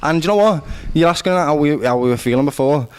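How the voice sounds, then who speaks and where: A man with a Scouse accent bantering excitably about football, dropping "lad" and "mate.". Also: a little high, fast talker, smooth. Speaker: panelist.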